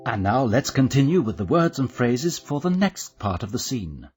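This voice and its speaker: Husky male language-course narrator. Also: medium pitch, very animated, a little mellow, soft background music. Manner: clear, measured teacher's delivery. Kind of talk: scripted instructional narration.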